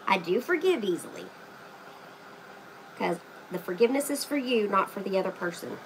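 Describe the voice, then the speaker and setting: A woman's voice: mid-range voice, expressive, normal speed, a little hiss or hum, rough recording. A woman hosting a casual live craft stream, chatting to viewers by name while she paints. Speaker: craft livestream host.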